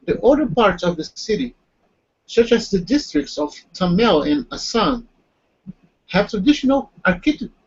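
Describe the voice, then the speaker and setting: Male student reader, careful, husky and high, dull line. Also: sing-song, normal speed. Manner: careful reading, restarts on hard words. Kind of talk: reading aloud in a language class. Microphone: video call. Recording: dull lo-fi video call audio.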